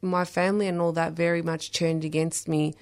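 A woman speaks in a slightly low voice as a guest on a radio interview. She sounds reflective and talks in loose, filler-laden sentences. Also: little pitch movement, a little fast. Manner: reflective, many fillers like "you know". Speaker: poet and author guest.

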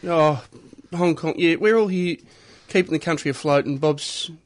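An Australian man with a notably high voice, talking easily and laughing often as he hosts a casual chat. He keeps the talk moving with quick questions. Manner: chatty, laughs a lot.

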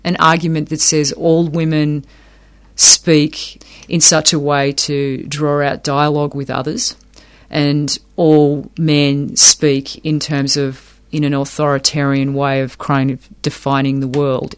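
Thoughtful higher-voiced man explaining ideas. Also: flat delivery, slow pace, clean tone. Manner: thoughtful, repeats words while working out a point. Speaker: academic interviewee. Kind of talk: explanatory interview talk.

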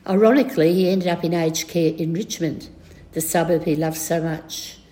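A woman's voice: on the low side, moderate pace, mellow. An older woman reading a reflective memorial tribute for a school friend.

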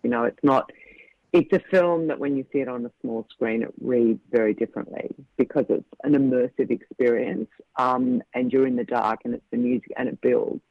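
A thoughtful male film director speaks in a halting, searching way, often circling back to restart a thought. His voice sits at an ordinary middle pitch. The audio is dry and a little muffled, like a radio broadcast. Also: creaky, no echo. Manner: reflective, halting, many restarts. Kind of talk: radio interview.

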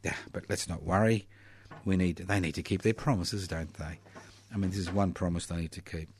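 A man's voice: deep voice, fairly even intonation, brisk, a little mellow, breathy edge. A man hosting a community radio show, delivering a sarcastic, mocking political monologue with scornful laughs.

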